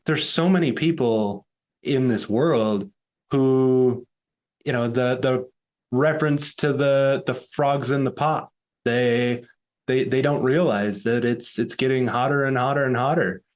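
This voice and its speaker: A man's voice: mid-range voice, a little slow. A man hosting a podcast, asking thoughtful interview questions and searching for his words as he goes. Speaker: podcast host.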